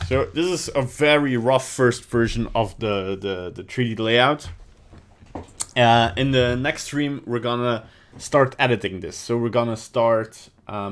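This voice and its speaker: A man with a slightly low voice chats casually through his 3D animation work. He rambles and halts as he goes. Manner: rambling, halting, with many fillers and restarts. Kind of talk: casual livestream commentary.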